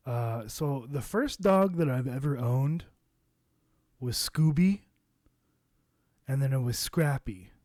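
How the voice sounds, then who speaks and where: A man telling an anecdote to camera in a loose, rambling way, full of fillers and casual cursing. He talks slowly at a mid pitch, and the sound is close and dry. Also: a little mellow, no echo. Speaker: vlogger.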